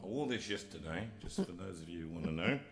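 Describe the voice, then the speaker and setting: A middle-aged man with a fairly low voice chats casually between songs on a live music stream. He rambles and mocks himself, with plenty of ums, while a piano or other instrument plays faintly somewhere behind him. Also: lively intonation, fast. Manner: chatty, self-mocking, rambling with many fillers.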